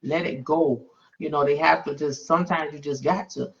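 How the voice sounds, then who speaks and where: A woman's voice: sits low, fairly even intonation, normal speed, vocal fry. Emphatic woman host, dull lo-fi sound. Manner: emphatic, exclaims and affirms often. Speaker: podcast host. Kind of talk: faith-based conversational interview.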